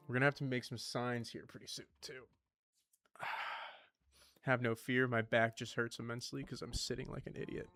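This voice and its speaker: A man's voice: medium pitch, creaky, a bit bright, a little hiss or hum. A man giving casual let's-play commentary, chatty and swearing, talking to the items he sorts. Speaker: gaming streamer.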